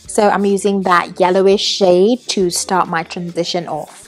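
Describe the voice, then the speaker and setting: A woman's voice: fairly low pitch, steady tone, a little slow, soft background music. A young woman narrating a makeup tutorial voiceover in a put-on British accent, chatty with some ums and self-corrections.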